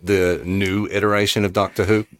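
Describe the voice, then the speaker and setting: Low-voiced man in his forties, chatting. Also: level tone, normal speed, fairly bright tone, no echo. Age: 40s. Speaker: guest musician. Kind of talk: casual chat.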